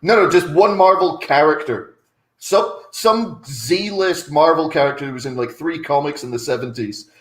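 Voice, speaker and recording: A man's voice: a little high, reverberant, poor audio. A man co-hosting a comedy podcast, riffing on silly film ideas and laughing often. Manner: riffing, quick laughs, acts out bits. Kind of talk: casual comedic chat.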